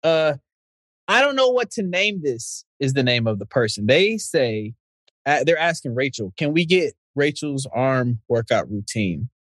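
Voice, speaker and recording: A man's voice: medium pitch, very animated, a little slow, fairly bright tone, no echo. A man on a podcast reading listener questions aloud in a plain manner. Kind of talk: casual chat.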